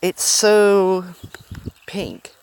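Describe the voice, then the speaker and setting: A man's voice: sits high, animated, extremely slow, smooth, voice pushed up, heavily acted. Man reading as a wry teenage boy. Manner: dry teasing delivery. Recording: loud outdoor background noise.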